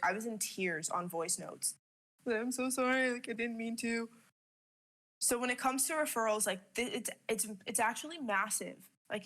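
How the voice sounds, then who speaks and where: A woman's voice: mid-range voice, a bit bright. A young woman from Canada chatting casually about her business, candid, swearing freely and laughing often. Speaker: business owner sharing advice. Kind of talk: casual chat.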